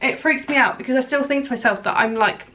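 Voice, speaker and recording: A woman's voice: high-pitched, quick pace, pushed and bright. A woman in her late twenties from England, chatting casually and rambling in a vlog. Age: 20s. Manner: chatty, rambling, self-deprecating. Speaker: vlogger.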